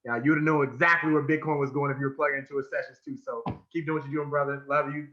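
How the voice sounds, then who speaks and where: A man's voice: fairly high pitch, level tone, fast, lo-fi sound. A man giving an encouraging tribute to a colleague, building with repeated phrases. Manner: encouraging, preacher-like repetition. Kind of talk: casual tribute speech.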